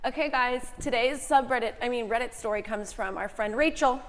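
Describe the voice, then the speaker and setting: A woman's voice: a little high, a little fast, fairly bright tone. Give me a chatty woman co-host reading a story aloud and restarting her sentences, in a room with a long reverb.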